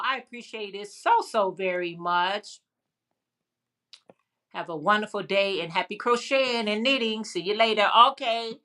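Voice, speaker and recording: Her voice is mid-pitched, clear and resonant, with a pushed, bright quality. This livestream host from Chicago keeps things casual, talking to her audience, reading comments aloud, and often breaking into laughter.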